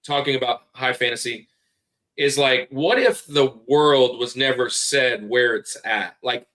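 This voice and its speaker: A man hosting a podcast, chatting casually and greeting listeners in quick, friendly bursts. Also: mid-range voice, a bit bright. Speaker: podcast host.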